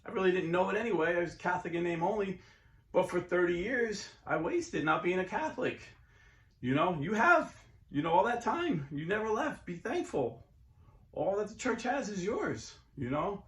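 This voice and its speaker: A man's voice: sits high, very animated, moderate pace. A middle-aged man hosting his channel, talking casually and earnestly, sometimes rising into preachy bursts. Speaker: YouTube host and Catholic convert. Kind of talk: casual monologue. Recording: echoey room.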